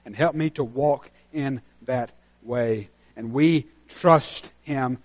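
A man preaching a sermon as pastor, dropping to a hushed intensity and then rising to loud, emphatic exhortation. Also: medium pitch, slow. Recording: muffled lo-fi sermon recording.

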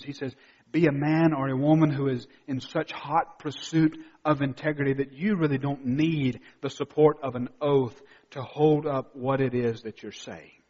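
A male pastor preaching a sermon, swinging from quiet, intimate asides to loud, emphatic declarations. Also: a little high, long reverb tail, lo-fi sound. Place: church sanctuary.

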